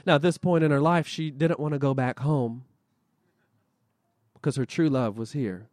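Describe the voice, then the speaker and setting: A male storyteller telling a folk tale live at a festival, lively and expressive, with dramatic pauses. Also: mid-range voice, dry recording, studio quality.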